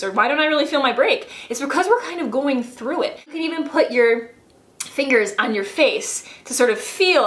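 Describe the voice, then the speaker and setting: Woman vocal coach, singing lesson, chatty and upbeat, higher voice, roomy echo. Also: animated, moderate pace, fairly bright tone. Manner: upbeat, chatty, demonstrates sounds mid-sentence.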